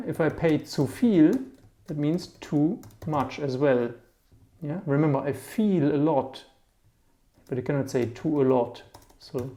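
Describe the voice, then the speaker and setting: A man teaching German vocabulary in a relaxed, chatty lesson, often checking in with a quick "yeah?" while he explains words with memory tricks. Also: mid-range voice.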